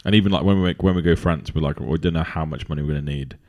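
Man, very low voice, rambling casual podcast chat. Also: racing, darkish tone. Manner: chatty, rambling with fillers. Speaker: podcast co-host.

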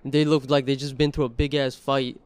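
A man telling a story in a casual podcast chat, animated and profane. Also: medium pitch, fairly quick, clear, resonant tone, no room sound.

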